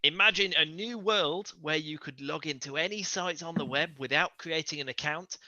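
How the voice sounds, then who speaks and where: A man's voice: on the high side, sharp tone, no echo. A man chatting on a podcast, plain and agreeable, reading out news items. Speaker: podcast co-host. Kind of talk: casual chat. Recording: dull lo-fi mic.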